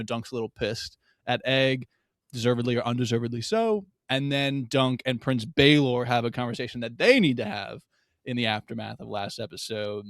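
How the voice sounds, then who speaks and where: A man's voice: mid-range voice, dry recording, studio quality. A man co-hosting a podcast, thoughtfully walking through scenes of a TV episode in casual chat. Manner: thoughtful, walks through scenes with hedging fillers. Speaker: podcast co-host.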